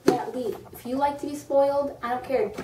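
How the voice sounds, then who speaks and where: Young woman, excitable book reviewer, roomy echo, faint hiss. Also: high voice, brisk. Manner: gushing and excitable, full of "like" and "freaking out". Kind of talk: casual video book review. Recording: echoey room, far from the mic, faint noise.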